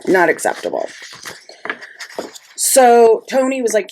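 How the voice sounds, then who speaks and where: A woman's voice: medium pitch, huge pitch swings, a little slow, long pauses, a little mellow, slight background noise. A middle-aged woman casually telling a story while she plans, chatty and exasperated. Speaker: planner vlogger.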